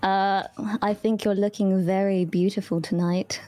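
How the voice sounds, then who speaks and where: A woman putting on a posh British accent, speaking lower and enunciating every word with care. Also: level tone, a little slow, mellow, no echo, lightly acted. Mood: mock-posh. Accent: put-on posh British.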